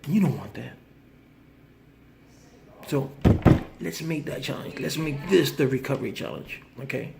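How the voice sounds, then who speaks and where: Recovering man with a rough, gravelly voice; heartfelt, repetitive direct-to-camera plea. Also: medium pitch, lively intonation, a little slow, long pauses, noisy background. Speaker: vlogger in addiction recovery. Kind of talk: earnest direct-to-camera appeal.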